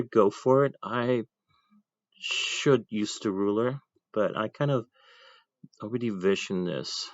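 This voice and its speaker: A man's voice: fairly low pitch, no room sound, highs cut off. A man teaching an ink drawing class, talking casually as he draws and thinking aloud with chatty asides. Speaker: art teacher.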